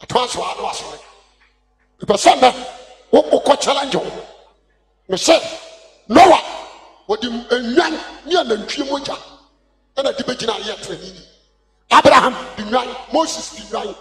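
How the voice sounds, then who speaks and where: A man with a Ghanaian accent preaching a sermon as an evangelist, impassioned and shouting, calling for responses from the congregation. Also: extremely high pitch, lively intonation, moderate pace, pauses often. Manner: impassioned, shouting call-and-response preaching mixing two languages. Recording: long hall reverb.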